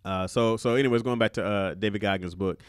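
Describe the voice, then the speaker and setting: A man's voice: lowish voice, quick pace, clear, resonant tone, no room sound. Man, 30s, podcast host, laid-back, cussing, laughs a lot, dry recording. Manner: loose and profane, laughs often. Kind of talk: casual podcast chat.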